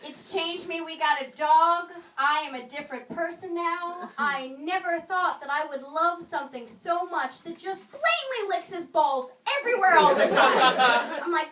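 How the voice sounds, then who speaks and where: A woman performing a stand-up comedy set, with wry, sarcastic asides and pauses before punchlines. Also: very high voice. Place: small comedy venue in a video store, live audience. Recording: roomy live room, mic a bit distant, audience laughter.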